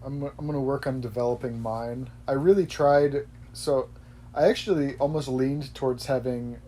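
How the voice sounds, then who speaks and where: This podcast host speaks at a normal speed in a warm, medium-pitched voice with a steady tone. He chats casually and ramblingly, frequently correcting himself and laughing without much prompting.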